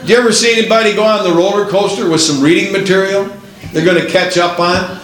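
A man preaching a Pentecostal sermon who builds to excited exclamations and breaks into laughter. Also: high-pitched, fast talker, echoey room.

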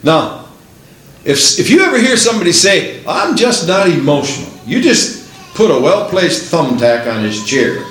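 A man preaching a Pentecostal sermon who builds to excited exclamations and breaks into laughter. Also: a little high, a little slow, echoey room.

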